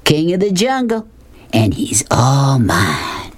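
A man voicing a boastful, rough-talking grown man who hollers and brags in an audiobook. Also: a little high, lively intonation, slow pace, voice pushed up. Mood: bragging. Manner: loud hollering bragging. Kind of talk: audiobook character voice.

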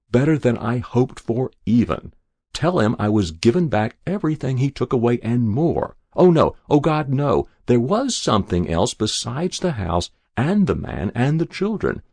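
A man's voice: medium pitch, vocal fry, darkish tone, husky, no echo, full character voice. A man reading the lines of a dying old woman who is peevish and scolding. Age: older. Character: dying old woman, stubborn and sharp-tongued.

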